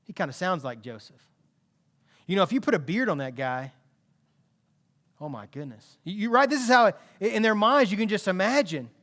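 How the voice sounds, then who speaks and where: Pastor in the pulpit, male, higher register, tells the story with lively, emphatic energy. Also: a little fast. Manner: animated, emphatic storytelling with asides. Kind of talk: sermon.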